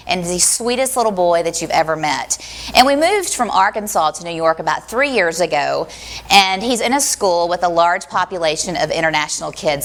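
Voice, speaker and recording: A woman's voice: lowish voice, fairly bright tone. A woman telling a personal story on stage in a live storytelling style, acting out the voices she quotes. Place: small stage venue.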